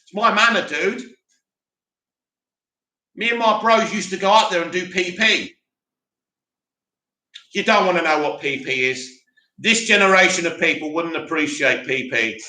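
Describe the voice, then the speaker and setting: A man's voice: sits high, unhurried, pauses often, pushed and bright, roomy sound. A young man from Bromley with a South London accent, hosting a casual live stream, reading chat comments and bantering about films. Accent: South London English. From Bromley, England. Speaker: host of a live movie news stream.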